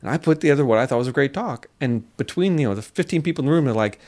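A middle-aged man, a scientist and speaker, talking casually in an interview and telling lively stories. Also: mid-range voice, racing. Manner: animated storyteller, acts out quotes, laughs often.

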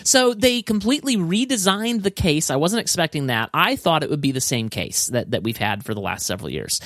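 A man co-hosting a casual tech chat, excitable and enthusiastic, often restarting his sentences. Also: fairly high pitch, a little fast, no echo, studio quality. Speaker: podcast co-host.

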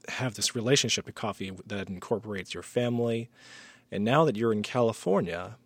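A man's voice: on the low side, dry recording. A man hosting a casual interview show, asking long, thoughtful questions. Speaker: podcast host.

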